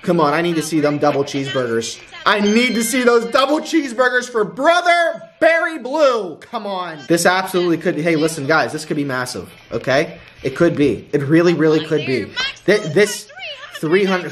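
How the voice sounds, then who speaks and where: A man streaming a live casino game, pleading and chanting at the wheel and breaking into loud shouts. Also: on the high side, animated, normal speed. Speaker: gambling streamer. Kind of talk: excited live casino commentary.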